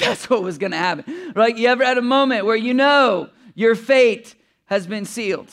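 A pastor in his thirties preaches with a chatty, joking delivery and keeps turning to the audience with questions. His voice sits fairly high and comes across smooth and resonant. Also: a bit bright. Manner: conversational and humorous, asks the audience questions, often chuckles. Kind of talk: sermon with personal storytelling.

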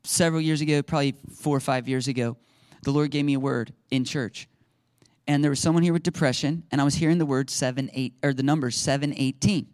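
A male pastor preaching a sermon and telling stories in an animated, conversational way. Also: mid-range voice, quick pace, clean tone, no echo, studio quality. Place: church sanctuary.

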